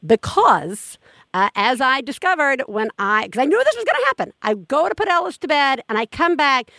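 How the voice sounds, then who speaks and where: A woman hosting a podcast, telling stories in casual chat, animated and swearing freely. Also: sits high, moderate pace, vocal fry, dry recording. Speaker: podcast host.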